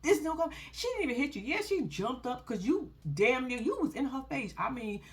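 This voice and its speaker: A woman giving casual, animated commentary on a reality show, laughing often and swearing freely. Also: high-pitched, a little fast. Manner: animated, laughing, profane, sassy.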